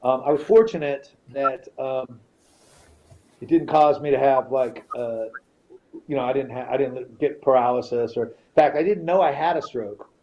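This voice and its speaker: A man's voice: medium pitch, moderate pace. A middle-aged man on a podcast, telling a story in casual, profane talk and acting out the people in it. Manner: profane, animated, quotes people in his stories. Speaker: podcast guest. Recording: slightly dull podcast audio, faint noise.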